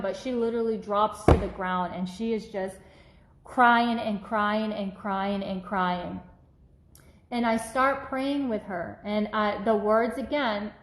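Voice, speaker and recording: A woman minister telling a personal testimony in an animated, casual way, acting out the voices she quotes. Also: fairly high pitch, echoey room, rough recording.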